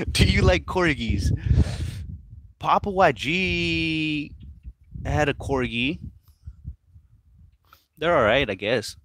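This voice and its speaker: A man hosting a casual livestream, reading viewer questions aloud and chatting in a relaxed, mumbly way to his pets. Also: fairly high pitch, extremely slow, long pauses, background noise. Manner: laid-back, mumbly, talks to his pets. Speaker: livestream host reading chat. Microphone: phone.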